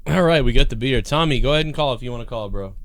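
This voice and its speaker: A man's voice: medium pitch, expressive, racing, background noise. A man hosting a live call-in stream in casual, rambling chat, laughing often and repeating himself. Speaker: host of a live call-in show.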